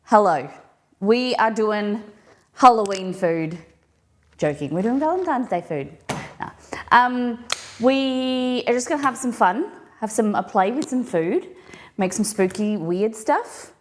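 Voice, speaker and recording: A woman's voice: a little high, animated, slow, darkish tone, a little hiss or hum. A woman hosting a casual cooking live stream, chatting in a rambling way with many fillers and bouncy greetings. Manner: bouncy, sing-song greetings.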